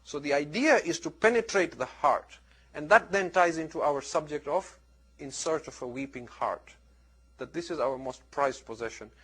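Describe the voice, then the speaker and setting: A man delivers a religious lecture to a gathering, his voice sitting somewhat high for a man. He tells his stories with emphasis, swinging between loud, lifted lines and low, hushed drops. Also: moderate pace, breathy edge. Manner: storytelling, emphatic with dramatic rises and drops.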